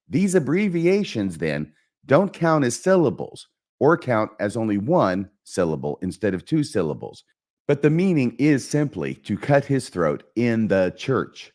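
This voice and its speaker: A man with a low voice hosts a literature lesson. He explains the verse line by line with lively, animated intonation. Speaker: host.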